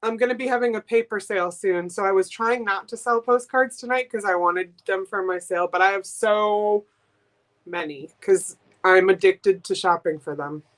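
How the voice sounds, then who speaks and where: Chatty woman from Boston selling postcards. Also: mid-range voice. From Boston, USA. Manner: chatty and enthusiastic, quick giggles. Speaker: guest seller at a live vintage sale. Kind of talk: casual live-stream sales chat.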